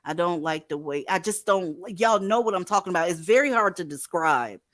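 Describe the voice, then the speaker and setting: A profane, blunt woman hosts a livestream, reading chat comments aloud and bursting into loud scolding. Her fairly low voice has lively intonation and a brisk pace. The audio is studio quality with no room sound.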